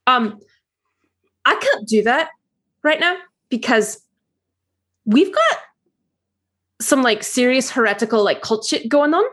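A woman's voice: high voice, big pitch swings, slow pace, pauses often, fairly bright tone, full character voice. A woman voicing a pushy, streetwise female psychic agent who talks casually and swears.

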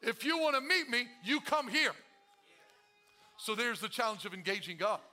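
A man's voice: very high-pitched, very animated, normal speed, sharp tone, soft background music. A male pastor preaching a sermon to his congregation, calling out to them and acting out the prayers he quotes. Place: church.

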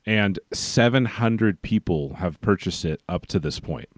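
A man's voice: low voice, lively intonation, a little slow, no echo. A man co-hosting a podcast, chatting casually and recapping with a dry, joking edge. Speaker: podcast co-host. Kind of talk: casual chat.

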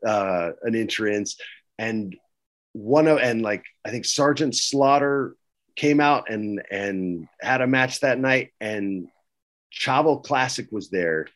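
A middle-aged man, a podcast guest, telling stories in a casual way and acting out the quoted lines with a raised voice. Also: on the low side. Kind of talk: casual storytelling.

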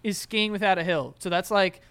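A man's voice: sits high, brisk, fairly bright tone, clear, resonant tone. A young man co-hosting a comedy podcast, rambling with many fillers, laughing often and acting out quotes. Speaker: podcast co-host. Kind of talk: casual comedic banter.

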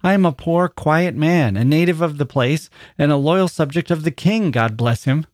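A man's voice: fairly high pitch, moderate pace, no room sound, clean studio sound, pitched above the performer's own voice, lightly acted. A man voicing a bewildered, ragged old villager who pleads anxiously with a crowd. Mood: dismayed.

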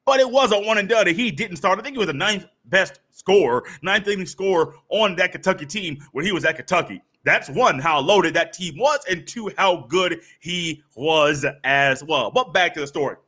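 A young man hosting a sports podcast, talking casually and acting out little scenes with animated swings in pitch and pace. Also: normal speed, few pauses. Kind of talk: casual monologue with storytelling.

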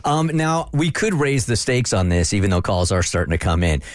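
A man's voice: fairly low pitch, big pitch swings, normal speed, no echo, clean studio sound. A man hosting a morning radio talk show, chatting in a jokey, incredulous way.

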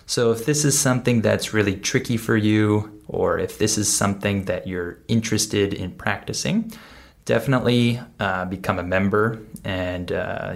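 Guy teaching english sounds, slow and careful, kinda low voice, says examples over and over. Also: vocal fry. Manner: slow, deliberate, repeats example words. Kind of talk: podcast lesson.

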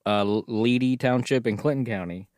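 Man, co-host, casual jokey chat, reads a story aloud, average pitch, dry close sound. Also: moderate pace, a little mellow, no echo. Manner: joking, reads story aloud, laughs often. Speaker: podcast co-host.

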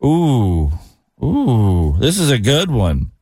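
A man's voice: mid-range voice, wildly swooping pitch, very slow, a little mellow, dry recording. Male morning radio host, jokey and self-mocking, mid-range voice, dry close sound. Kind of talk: casual radio banter.

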